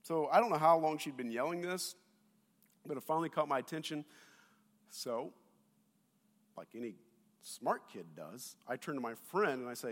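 A man preaching a sermon to his congregation on a lapel mic, telling stories in an animated way and speaking straight to the people in front of him. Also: fairly high pitch, moderate pace, long pauses. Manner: animated storytelling, addresses the congregation directly. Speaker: pastor. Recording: long reverb of a big hall.

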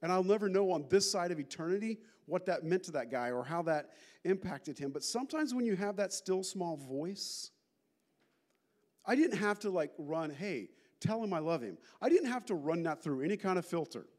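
A male pastor giving a conversational sermon, telling stories with lots of animated asides. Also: high voice, normal speed. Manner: animated storytelling with many asides.

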